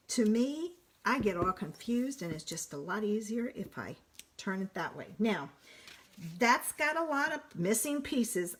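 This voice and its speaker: Slow, chatty woman crafting live. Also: mid-range voice, noisy background. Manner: chatty, thinks aloud, slow and unhurried, self-correcting. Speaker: card-making demonstrator on a live stream. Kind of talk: casual live crafting demo.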